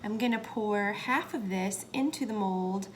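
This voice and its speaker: A woman's voice: mid-range voice, unhurried. A young woman narrating a soap-making session in a chatty, hesitant way, dropping to a whisper now and then. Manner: chatty, hesitant, drops into whispers while working. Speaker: soap maker. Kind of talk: casual how-to narration. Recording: faint background noise.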